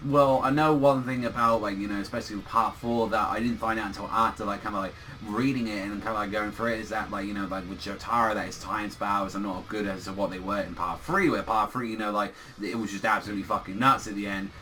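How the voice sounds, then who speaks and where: Young male reviewer, casual rambling rant style, heavy swearing, sharp bright tone. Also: fairly low pitch, quick pace, few pauses. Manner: animated, swears a lot, rambling. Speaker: anime reviewer.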